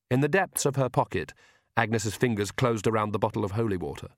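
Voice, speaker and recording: A man narrating a comic fantasy audiobook in a measured, expressive reading style. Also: fairly low pitch, dry recording, studio quality.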